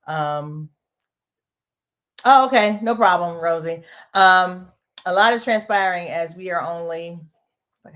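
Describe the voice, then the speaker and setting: A woman hosting a casual livestream from a small home studio, talking loosely and chatting to her viewers. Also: on the low side. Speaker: host.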